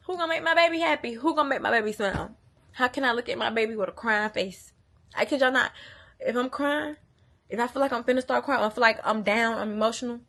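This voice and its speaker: A woman's voice: mid-range voice, a bit bright. A young woman, a mother, talking candidly and bluntly to the camera, swearing often and repeating lines for emphasis. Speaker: mother venting on a channel. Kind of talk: candid casual venting monologue.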